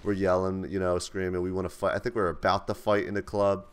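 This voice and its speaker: Young guy, deep voice, rambly cussing vlog storytelling. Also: level tone, quick pace, clear, resonant tone. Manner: rambling, loose and profane, with many restarts. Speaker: vlogger. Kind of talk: casual storytelling to camera.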